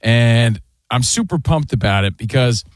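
A man's voice: mid-range voice, animated, measured pace, no echo, clean studio sound. A man in his forties co-hosting a sports radio show, upbeat and jokey as he steers the talk. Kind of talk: casual radio banter. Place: radio studio. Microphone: studio mic.

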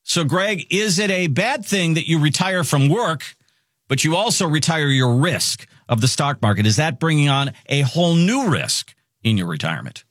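A male radio host leads a finance talk show in a lively, bouncing voice. He sounds upbeat and salesy, and the recording is dry and close. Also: a little high, moderate pace, no echo. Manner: upbeat, salesy, repeats key phrases.

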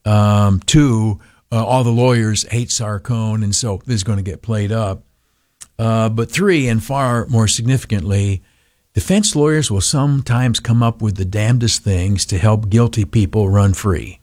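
A man's voice: on the low side, unhurried, a little mellow, dry recording, clean studio sound. A male talk radio host giving blunt, opinionated commentary, rambling with many ums and uhs. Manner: rambling, heavy fillers, blunt.

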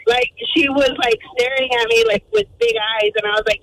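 A woman calling in to a show who talks fast and lively, with her pitch leaping up and down as she acts out the voices of people in her story. Her voice is bright and sharp. There is faint line noise behind her. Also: rough recording. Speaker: caller. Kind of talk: phone-in storytelling.

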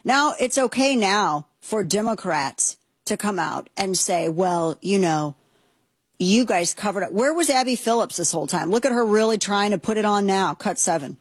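A woman's voice: mid-range voice, animated, normal speed, hardly any pauses, husky, no echo. A woman hosting a talk show, giving indignant, sarcastic commentary with plenty of emphasis. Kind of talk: opinionated commentary.

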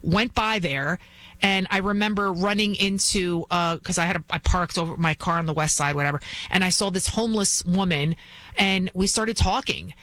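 A woman's voice: fairly low pitch, moderate pace, fairly bright tone. A woman filling in as host of a talk show, delivering a fervent opinion monologue full of repeated rhetorical questions. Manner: acts out quoted voices while retelling.

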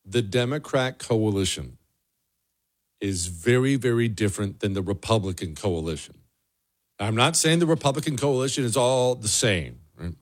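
A man's voice: on the low side, lively intonation, normal speed. A man hosting a political commentary show, talking in an emphatic, mocking monologue. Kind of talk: opinionated monologue.

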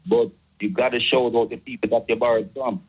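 A man's voice: medium pitch, fairly even intonation, brisk, breathy edge, phone-quality sound. A man with a Jamaican accent calls in to a radio show and passionately argues his point. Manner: patois-tinged, passionate, preachy. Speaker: caller. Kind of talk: heated call-in opinion.

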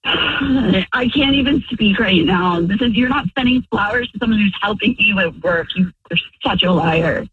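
A woman's voice: mid-range voice, moderate pace, husky, dry recording, recorded from a distance, narrow, tinny audio. A woman calling into a radio show, emotional and accusing, repeating herself as she confronts someone over the phone.

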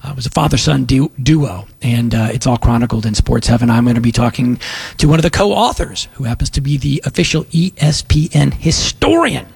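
Gravelly rambling radio host, man. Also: medium pitch, lively intonation, brisk, a little mellow. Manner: rambling, self-interrupting, lots of fillers. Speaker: radio tech show host. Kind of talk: casual talk radio chat.

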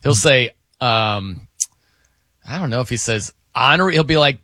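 A man's voice: medium pitch, animated, normal speed, sharp tone, no room sound, studio quality. A man hosting a radio show, chatting casually with a co-host, laughing and mimicking how people pronounce words. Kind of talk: casual on-air banter.

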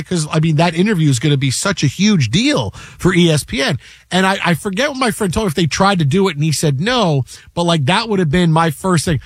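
A male sports show host telling a story in a casual, animated way, acting out what people said. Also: high-pitched, quick pace, husky, no room sound, studio quality. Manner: animated, acts out quotes.

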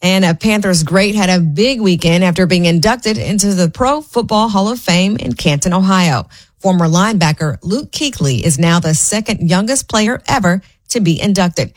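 A woman anchoring a radio newscast, reading scripted stories in a steady, measured way. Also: on the low side, no room sound. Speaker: news anchor. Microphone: studio microphone.

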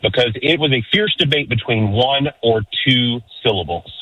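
A man's voice: medium pitch, moderate pace, pushed and bright, no room sound. A man calling in to a sports radio show, easygoing and wry. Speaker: caller. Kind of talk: call-in chat. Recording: tinny phone line.

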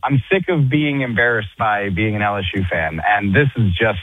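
A guest podcast co-host rants in exasperation during a casual call, phoning in from a rooftop. His voice is fairly low and moves at a moderate pace, coming through a tinny, phone-like line with no echo.

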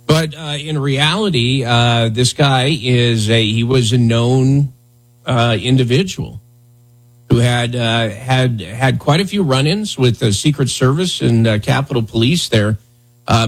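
Male morning radio host, husky voice, loose sarcastic talk, rambling. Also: mid-range voice. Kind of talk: casual talk radio commentary.

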